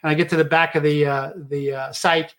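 A man's voice: fairly high pitch, flat delivery, fairly quick, fairly bright tone. Rambling middle-aged male show host. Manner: rambling with many filler uhs. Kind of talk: casual monologue.

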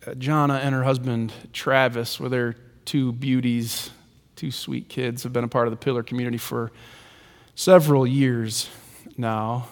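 A male pastor preaching a sermon with rhythmic repetition, swinging between soaring lines and hushed ones. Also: medium pitch, level tone, moderate pace. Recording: long reverb of a large hall.

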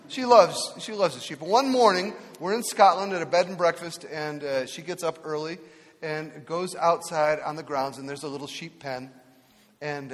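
A man preaching a sermon as pastor, telling humorous stories and acting out voices in them. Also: fairly high pitch. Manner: storytelling, acts out voices in anecdotes. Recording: long hall reverb.

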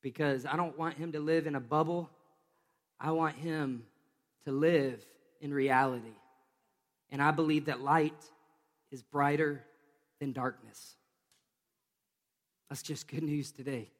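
Man preaching, higher-pitched voice, lively asides, long reverb of a church hall. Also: unhurried, long pauses. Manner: lively, joking asides to stage volunteers. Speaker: pastor. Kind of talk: sermon. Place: church stage.

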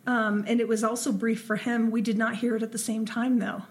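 A woman from Ohio co-hosting a casual podcast, her voice sitting a little high. She tells her stories at length, loose and full of ums. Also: flat delivery, brisk. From Ohio, USA. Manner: chatty storyteller with frequent ums and laughs. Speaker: podcast co-host. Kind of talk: casual chat.

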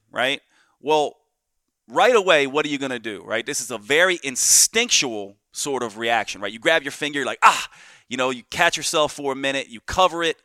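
A man with a bright, forceful voice hosts a solo podcast, walking listeners through a homely anecdote. He keeps tossing in "right?" as he talks, and the sound is dry and close, with no room around it. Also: medium pitch, no echo. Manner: explains with vivid everyday anecdotes, often asking "right?". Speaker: podcast host.

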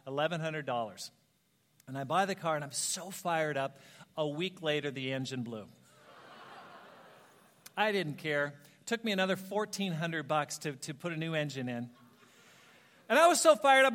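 Man, preacher, high voice, lively self-mocking storytelling, long hall reverb. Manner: animated, self-mocking storyteller who laughs at himself. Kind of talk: storytelling sermon.

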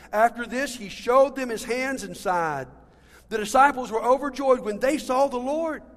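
A man's voice: very high-pitched, fairly bright tone. A pastor preaching a sermon to his congregation, talking to them directly and calling them friends and guys. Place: church sanctuary. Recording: long reverb of a large hall.

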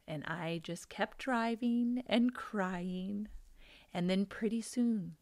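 A woman in her thirties or forties sharing an emotional faith testimony, earnest and sometimes hushed. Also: lowish voice, takes it slowly. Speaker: guest sharing her story.

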